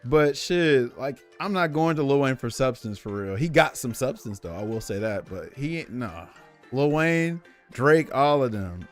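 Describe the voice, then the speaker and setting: A man's voice: mid-range voice, unhurried, faint music behind. A young man streaming from home, ranting in casual slang and addressing his chat directly. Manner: animated, opinionated, slangy, talks to chat.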